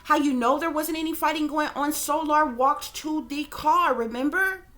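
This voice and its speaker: Emphatic higher-voiced woman commentator. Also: normal speed, fairly bright tone. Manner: emphatic, repeats "okay?" to press points, swears casually. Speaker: psychic reader and channel host. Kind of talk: casual commentary to viewers.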